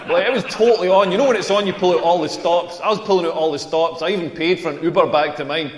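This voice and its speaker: A man's voice: high-pitched, fast, noisy background. A Scottish man in his forties from rural Scotland, doing a wry, self-mocking stand-up set on a club stage and often laughing as he talks. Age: 40s. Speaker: stand-up comedian. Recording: echoey live venue with reverb.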